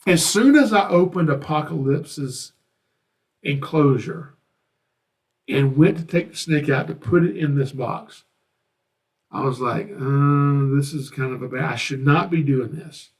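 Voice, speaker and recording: A man talks through a podcast episode, his voice sitting a little higher than most men's. He tells stories in a relaxed, folksy way and slips into the voices of the people he quotes. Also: measured pace, long pauses. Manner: folksy, acts out quoted dialogue. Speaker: podcast host, snake handler. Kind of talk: casual storytelling monologue.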